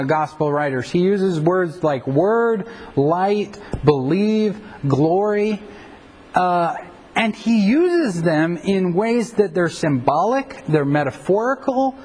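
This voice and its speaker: Male pastor, fairly high voice, informal Bible lesson full of "uh"s and restarts, faint hiss under it. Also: low-quality recording. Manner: conversational, frequent fillers and self-corrections. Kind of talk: Bible teaching lecture.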